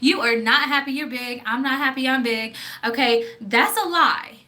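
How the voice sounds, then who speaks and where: A woman's voice: sits high, normal speed, bright, forceful tone. A young woman with a Southern accent, talking bluntly and with plenty of profanity in a casual vlog, often asking "okay?". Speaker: vlogger.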